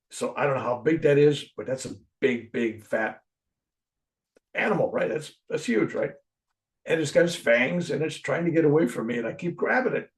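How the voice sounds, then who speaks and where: Gravelly older man, animated storyteller. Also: lowish voice, distant mic. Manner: animated storyteller, rising loud for emphasis, dropping soft for reflective moments. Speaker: interview guest. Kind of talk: storytelling in a conversation.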